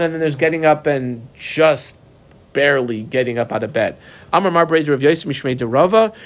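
A man teaching a Talmud lesson, mixing Aramaic and Hebrew terms with casual English asides. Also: on the high side. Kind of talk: daf yomi Talmud lesson.

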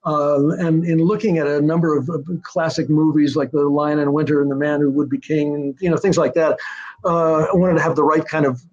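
A man's voice: a little high, fairly even intonation, brisk. An older man, a screenwriter guest, tells stories in a rambling way, with many fillers and restarts, and sometimes taps out a rhythm aloud. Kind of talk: anecdotal storytelling interview. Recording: dull lo-fi sound.

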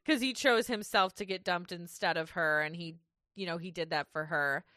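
A woman's voice: fairly low pitch, moderate pace, bright, forceful tone, no echo, studio quality. A woman co-hosting a podcast, chatting casually through a recap and laughing easily as she reads from her notes. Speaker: podcast co-host.

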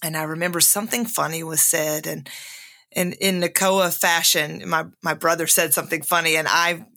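A woman's voice: low voice, fairly even intonation, normal speed, pushed and bright. A middle-aged woman hosting her own podcast, telling a candid personal story in a casual monologue and laughing often. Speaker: podcast host.

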